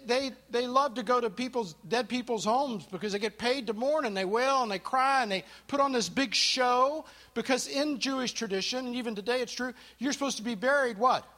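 A man with a high voice leads a live Bible study, telling the story and pausing to quiz his listeners and thank those who answer. He drops to a hush at the dramatic moments. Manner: asks the group questions and thanks responders. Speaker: Bible teacher. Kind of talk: interactive Bible study teaching. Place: live group gathering.

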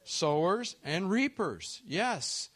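Speaking very slowly in a high, slightly bright voice with big pitch swings, a man delivers an earnest sermon. He keeps asking his listeners questions and acts out the voices he quotes.

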